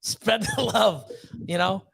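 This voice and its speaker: A man with a notably high voice rants on a livestream, blunt and profane. He pushes hard with fired-up motivational talk and swears constantly. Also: slow pace, gravelly, fairly bright tone, husky. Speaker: snake breeder hosting a livestream. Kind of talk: livestream rant.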